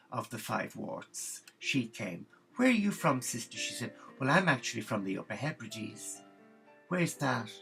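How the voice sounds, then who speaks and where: Gravelly chatty irish housekeeper lady, a man doing her, gasping and gossiping away. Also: medium pitch, a bit bright. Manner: chatty, breathless gossip with gasps and exclamations. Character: gossipy Irish woman housekeeper turned nun. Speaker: comic storyteller. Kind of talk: comic monologue in character.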